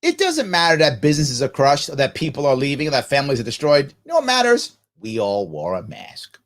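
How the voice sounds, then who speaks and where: A man's voice: mid-range voice, huge pitch swings, brisk. A male podcast host giving mocking, sarcastic commentary on clips that he plays back.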